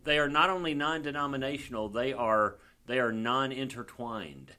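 A man's voice: mid-range voice, moderate pace. A man from Mississippi with a Southern accent, a comedian and attorney chatting as a podcast guest and telling stories with frequent chuckles. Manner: chuckling, animated storyteller. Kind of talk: casual podcast chat.

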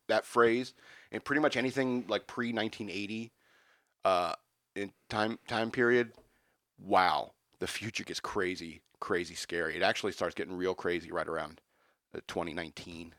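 A man on a comedy podcast telling an absurd made-up story in a deadpan, rambling way, breaking into loud rants. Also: on the low side, moderate pace, no room sound.

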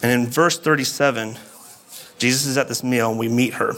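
A man's voice: medium pitch, brisk, sharp tone. A man giving a sermon as a pastor, explaining scripture in a conversational way with casual asides.

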